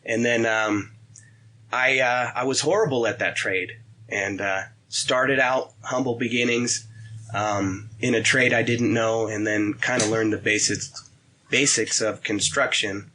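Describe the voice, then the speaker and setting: Low-voiced plainspoken working man. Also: steady tone, pushed and bright, low-quality recording. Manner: plainspoken, halting with fillers. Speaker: guest, union iron worker. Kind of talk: casual interview answers.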